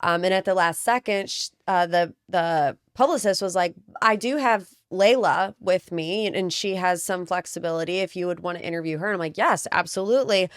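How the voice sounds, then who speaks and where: A woman's voice: lowish voice, clean tone, no room sound, studio quality. Chatty woman podcast co-host. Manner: chatty, quick storytelling with quoted asides. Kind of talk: casual chat.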